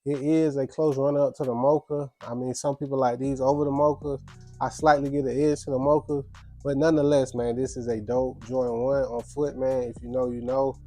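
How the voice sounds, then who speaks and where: A young man with a stuffy, congested voice talks through a casual video recap in easygoing slang. His tone is dark and mellow, with faint music behind him. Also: medium pitch, little pitch movement, a little fast. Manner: laid-back slangy chatter. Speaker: sneaker vlogger.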